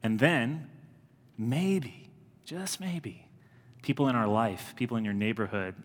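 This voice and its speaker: A man in his thirties, a pastor, delivers a sermon slowly in a medium-pitched voice, earnest yet conversational. He drives key lines home by repeating them. His words ring with the long reverb of a large church sanctuary.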